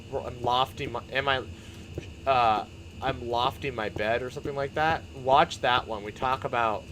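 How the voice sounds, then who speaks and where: A young man chatting casually on his stream, rambling and excitable, often laughing and restarting his sentences. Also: mid-range voice, background noise. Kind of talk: casual chat while building in a game stream.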